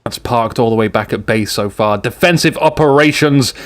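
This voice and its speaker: A man's voice: medium pitch, moderate pace. A British man casting a replay of a strategy game, rambling and joking with sarcastic asides. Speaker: game caster. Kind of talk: casual game commentary over a replay. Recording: game gunfire and explosions in the mix.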